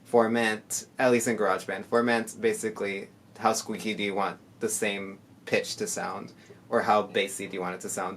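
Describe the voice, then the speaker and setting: A soft-spoken man in casual reaction commentary, rambling with many fillers and sounding tired. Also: lowish voice, flat delivery, normal speed, slight background noise. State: tired from lack of sleep. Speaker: musician reacting to music. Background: faint music playing.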